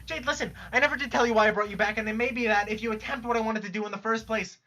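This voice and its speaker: A guilty young woman stammers through hesitant, gentle explanations, as a woman reads her part on a stream. Her voice sits high and bright. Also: steady tone, very fast. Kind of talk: live-stream read-aloud of a web comic.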